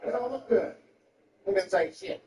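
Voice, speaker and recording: A male comedian tells profane stories in a lively, high-pitched voice and keeps jumping into other voices. He sounds far from the mic on a roomy live stage, with a faint hum of noise behind him. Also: moderate pace. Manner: animated, profane storytelling with voices. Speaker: stand-up comedian. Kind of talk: stand-up comedy routine. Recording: distant, roomy live recording.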